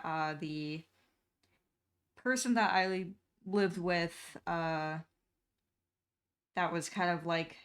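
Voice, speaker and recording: A woman's voice: fairly low pitch, fairly bright tone, smooth. A young woman streamer chatting casually while she draws, rambling with lots of fillers and restarts. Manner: rambling, many fillers and restarts, laughs often.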